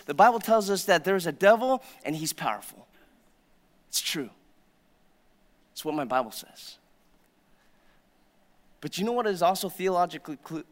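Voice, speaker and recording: A male pastor preaching a sermon in a church, telling a story and swinging between hushed, low passages and loud, emphatic proclamation. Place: church sanctuary.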